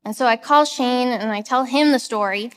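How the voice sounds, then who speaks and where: A woman's voice: on the high side, moderate pace, fairly bright tone, big-room sound. A young woman giving a church message, telling a personal story in a chatty way and laughing at herself. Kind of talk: personal testimony sermon.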